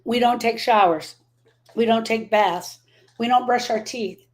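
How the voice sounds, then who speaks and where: A fairly high-voiced middle-aged woman talks straight to her live-stream viewers as a grief coach. She is emphatic and says her main points twice over, and she stops to answer comments as they come in. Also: unhurried.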